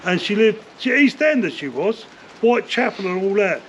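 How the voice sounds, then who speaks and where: Rambling older Londoner, high voice. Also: male voice, very animated, normal speed. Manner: rambling, swears freely, many fillers like "like, you know". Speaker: interview guest, former bare-knuckle fighter. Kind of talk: casual storytelling interview. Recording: dull lo-fi sound with faint noise.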